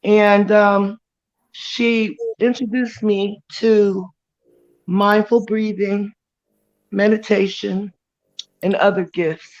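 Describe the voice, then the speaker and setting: Woman sharing a heartfelt testimony, slow and halting, with many pauses. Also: medium pitch, level tone, muffled recording. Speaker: guest on live chat. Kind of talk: emotional personal testimony.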